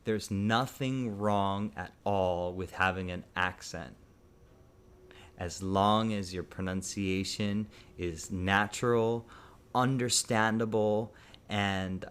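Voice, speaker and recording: A man's voice: deep voice, slow, smooth. A man teaching an English lesson on camera, speaking thoughtfully with frequent um and uh fillers. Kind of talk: casual video lesson.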